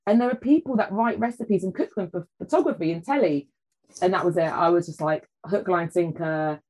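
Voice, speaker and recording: A woman talks in a relaxed, chatty way as a guest on a podcast. Her voice sits on the low side, and she tells her stories with lively, animated quoting. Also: fairly quick, poor audio. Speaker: podcast guest, food writer. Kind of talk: casual chat.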